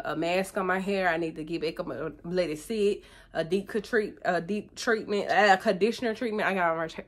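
A woman's voice: medium pitch, fairly bright tone. Chatty woman vlogging about her hair. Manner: chatty, emotional, talks straight to viewers. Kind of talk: casual chat to camera.

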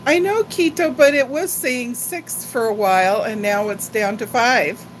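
A woman's voice: a little high, measured pace, a little hiss or hum, rough recording. An older woman chatting casually and rambling on a live-stream haul video, talking like a grandmother. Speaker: vlogger.

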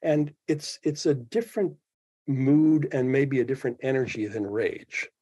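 A man's voice: medium pitch, unhurried, warm tone, husky, no room sound. A man in his seventies, a podcast guest speaking reflectively in an interview and thinking aloud with frequent restarts. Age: 70s. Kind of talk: interview conversation.

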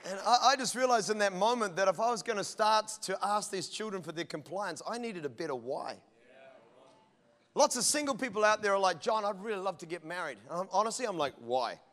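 Speaking fairly quickly with lively intonation, this middle-aged pastor has a high, fairly bright voice and a faint crowd behind him. His sermon is full of humorous stories where he performs snippets of dialogue, all ringing with long church hall reverb.

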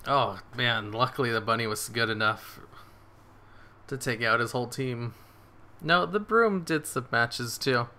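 A man giving excitable live commentary on his game, swearing and cheering his moves as he plays. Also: mid-range voice, a little slow. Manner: excitable, swears, laughs often. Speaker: gaming streamer.

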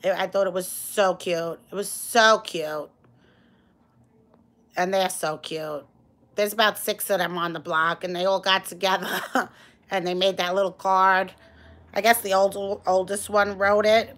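Speaking unhurriedly in a medium pitch, this middle-aged New Yorker keeps her tone steady and fairly bright. She's running a casual phone livestream, effusively welcoming viewers by name and reading out what they write.

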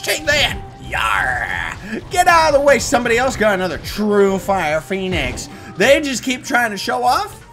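A young man hosts a game playthrough, joking around in a lively voice that swings up and down. His tone is bright and forceful. Faint game music plays behind him. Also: sits high. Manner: playful, goofy, shifts into silly character voices and shouts. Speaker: let's play host. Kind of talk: energetic game commentary.

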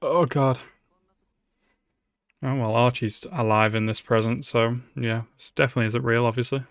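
A man's voice: medium pitch, fairly even intonation, moderate pace, dry recording, studio quality. A man giving emotional live reaction commentary on an anime, swearing freely and talking back to the screen. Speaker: anime reaction channel host.

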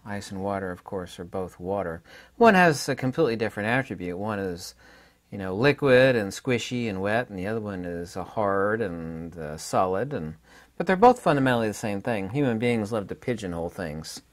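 Slow, deliberate man lecturing solo. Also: lowish voice, expressive. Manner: deliberate, slowed delivery with fillers and restarts. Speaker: channel host explaining science theory. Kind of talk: unscripted lecture-style monologue.

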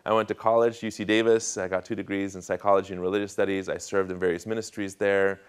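Low-voiced man telling a lively testimony. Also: fast, smooth. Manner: animated storyteller acting out dialogue, laughing. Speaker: guest speaker. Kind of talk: testimony sermon.

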